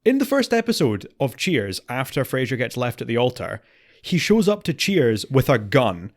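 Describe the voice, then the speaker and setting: A man co-hosting a podcast in casual chat, getting animated and higher when worked up. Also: moderate pace. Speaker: podcast co-host.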